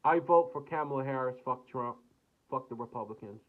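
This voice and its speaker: A mid-range voice, a little fast, belongs to an American vlogger from the United States who rants angrily to camera, swearing and repeating himself. The audio is tinny, as if from a phone.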